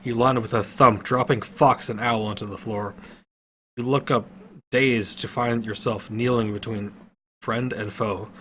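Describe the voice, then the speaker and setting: A man's voice: lowish voice, measured pace, slight background noise. Man reading an adventure story aloud. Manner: steady reading with occasional slips and self-corrections.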